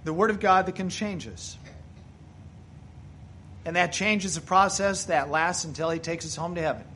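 A man's voice: high-pitched, a bit bright, slight background noise. A male pastor preaching a sermon, telling stories and rising to emphatic bursts.

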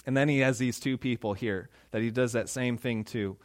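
A man preaching a sermon in a conversational, animated way, acting out quotes. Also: medium pitch, normal speed, no room sound. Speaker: pastor.

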